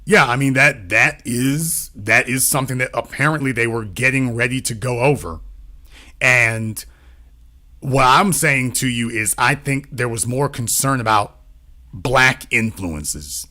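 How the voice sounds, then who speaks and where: Man, casual commentator, bright ringing voice, rhetorical questions, restarts phrases. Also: medium pitch, unhurried. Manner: repeats himself, poses rhetorical questions. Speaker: political commentator. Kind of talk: casual discussion.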